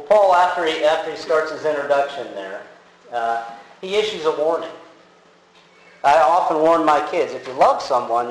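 Guy preaching real casual, lots of ums and restarts, super echoey church hall, bit of background hum. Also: medium pitch. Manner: conversational, many fillers and restarts. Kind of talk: casual sermon with audience quiz. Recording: very echoey hall with faint ambient noise.

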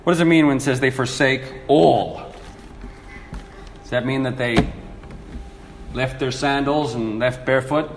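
A man preaching a sermon, earnest and animated, acting out the people he quotes. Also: mid-range voice, slight background noise. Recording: echoey hall with faint ambience.

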